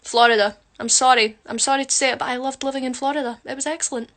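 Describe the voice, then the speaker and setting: A woman's voice: sits high, steady tone, quick pace, fairly bright tone. A woman chatting casually with viewers on a phone livestream, teasing and joking while she does her makeup. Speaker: livestream host answering viewer comments. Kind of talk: casual chat.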